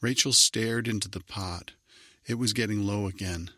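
A man narrating a children's story in an even, measured reading voice. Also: lowish voice, no room sound, studio quality.

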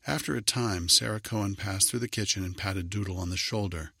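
A man narrating a children's story in an even, measured reading voice. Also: fairly low pitch, vocal fry, breathy edge, no room sound, clean studio sound.

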